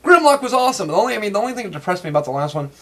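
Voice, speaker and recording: A fast, excitable young man rambles through a casual interview, tripping over restarts as he goes. His voice sits a little high for a man and the words tumble out quickly. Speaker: interviewee, toy collector.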